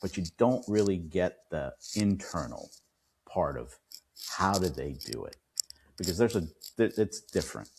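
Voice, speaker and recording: A man, an attorney and podcast guest, telling a client story with lively quoted dialogue. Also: low-pitched, measured pace, vocal fry, a little hiss or hum. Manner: animated retelling, acts out quoted dialogue. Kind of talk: storytelling in an interview.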